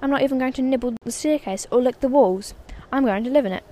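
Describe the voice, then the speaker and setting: A woman's voice: high-pitched, fast, mellow, voice pushed up, natural voice. A woman voicing a stubborn, pompous prince in a storybook, exclaiming indignantly.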